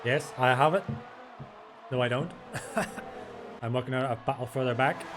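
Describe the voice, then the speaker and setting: A man's voice: medium pitch, normal speed, noisy background. An older man doing casual, self-deprecating banter while commentating a sim race.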